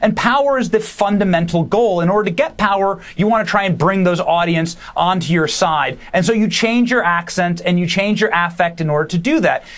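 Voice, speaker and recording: A man, a podcast host appearing as a guest, delivering emphatic, opinionated political commentary in quick bursts. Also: high-pitched, fairly bright tone. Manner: emphatic, fast bursts, dismissive.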